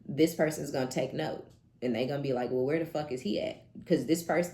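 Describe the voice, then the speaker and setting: Low-voiced, animated, profane woman tarot reader. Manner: animated, profane, laughing asides. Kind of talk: casual tarot reading. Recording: echoey room.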